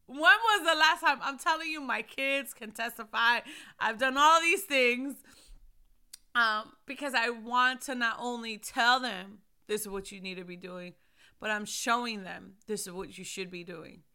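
Fervent high-voiced woman preaching. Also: fairly even intonation, unhurried, clear, resonant tone. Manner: fervent preaching, shouting praise. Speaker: ministry leader. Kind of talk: sermon.

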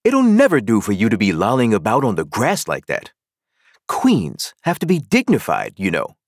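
A man's voice: fairly low pitch, huge pitch swings, moderate pace, no echo, studio quality, heavily acted. A man voicing a prim young girl who likes to scold herself, in a storybook reading. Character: prim young girl playing at being a queen. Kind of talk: audiobook character voice.

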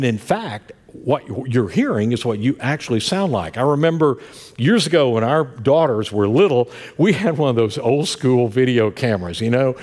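An older man with an Appalachian accent preaching a sermon, telling folksy family stories with warm asides. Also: mid-range voice. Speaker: pastor.

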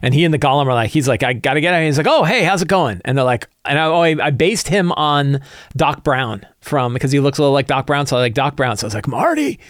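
A man at mid pitch, a game master going over his session prep alone. He rambles and thinks aloud with a lot of "like" and "you know." The sound is dry and close. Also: quick pace, no room sound. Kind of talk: solo game-prep talk.

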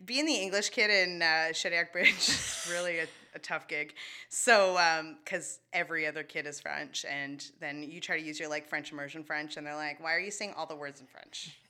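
A woman's voice: low voice, steady tone, normal speed, bright, forceful tone, clear, resonant tone. A woman from New Brunswick, Canada, chatting as a podcast guest and telling personal stories, with "like" in nearly every sentence. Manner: chatty storyteller, heavy use of "like". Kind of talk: casual interview chat.

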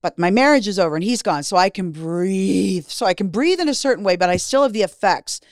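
A woman's voice: mid-range voice, lively intonation, a little fast, no room sound, studio quality. A woman in her fifties, a guest in an interview, telling her story bluntly, swearing freely and acting out what people said.

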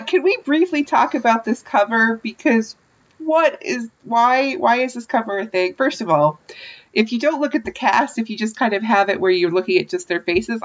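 A woman's voice: on the high side, muffled recording. A woman co-hosting a podcast, chatting casually and animatedly about a book, laughing often. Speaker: podcast co-host. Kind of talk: casual chat recapping a book.

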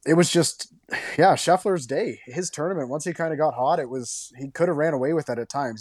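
A man co-hosting a sports podcast who talks quickly and keeps his analysis flowing with enthusiasm. His voice sits in a middle range. The recording is dry, with no room echo. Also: mid-range voice, darkish tone. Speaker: podcast co-host. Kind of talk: casual sports chat.

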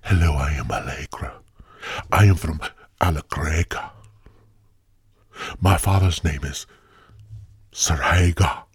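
A mysterious woman introduces herself in a hushed, breathy whisper, as a man puts her on. The delivery is mock-exotic, with a husky, dry sound up close to the mic. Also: very deep voice, slow, long pauses, no echo, exaggerated voice. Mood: mock-sultry.

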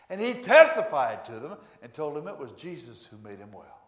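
A male pastor delivering a sermon in a church, preaching emphatically with sudden loud swells. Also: on the high side, big pitch swings, a little fast. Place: church sanctuary. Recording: echoey church room.

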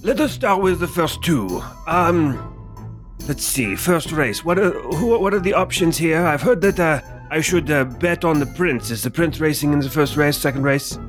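A man voicing a fussy male adventurer posing as a noble, with a halting, put-on French accent, in tabletop role-play. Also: on the high side, lively intonation, faint music behind, natural voice. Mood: deliberating.

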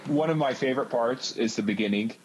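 A man's voice: mid-range voice, fast talker, low-quality recording. Wry man with faint hiss. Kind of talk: casual movie discussion.

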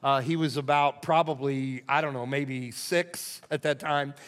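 An older man, a lead pastor, preaching a sermon in a folksy, conversational way that swings from hushed to loud. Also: mid-range voice, fairly even intonation, a little slow. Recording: long hall reverb.

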